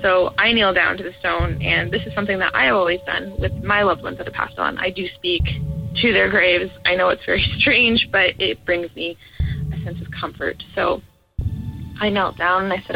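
A woman in her twenties, calling in to tell her own ghost story in an earnest, halting way with trailing restarts. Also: fairly low pitch, fairly even intonation, vocal fry. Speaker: caller sharing a ghost story. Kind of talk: personal paranormal story told to a radio show. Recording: muffled lo-fi audio with faint music.

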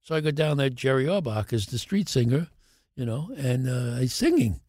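Older male actor guest, animated raconteur, plays every part in his anecdotes, mid-pitched voice, dry close sound. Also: moderate pace, dry recording. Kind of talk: podcast interview storytelling.

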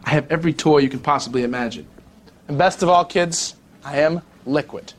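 A man's voice: fairly high pitch, a little fast, close to an everyday voice. A man playing a cocky broker boss bragging. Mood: boastful. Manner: cocky, boastful. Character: brash young male broker boss bragging to trainees. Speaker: film character.

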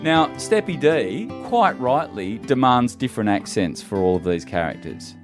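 A man's voice: medium pitch, very animated, moderate pace, soft background music. A man with an Australian accent hosting a radio show, chatting casually and making fun of himself. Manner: chatty, self-mocking, jokey. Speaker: radio host. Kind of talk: casual breakfast-radio banter.

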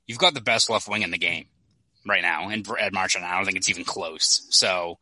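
A man's voice: low-pitched, moderate pace, bright, forceful tone, no room sound, rough recording. A man co-hosting a sports podcast, easygoing and joking as he gives his take. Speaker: podcast co-host and reporter. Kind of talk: casual sports chat.

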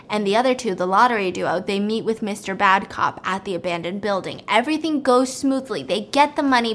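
A young woman with a high, light voice tells a film's plot in an animated, casual way. She jumps into the characters' lines with little put-on voices and sinks to a hushed whisper for the threatening parts. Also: a little hiss or hum. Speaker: storyteller recapping a film plot.

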